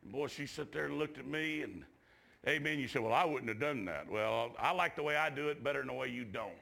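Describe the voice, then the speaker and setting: A man preaching a revival sermon in a church, drawling folksy asides and shouting at the climaxes. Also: mid-range voice, brisk, gravelly.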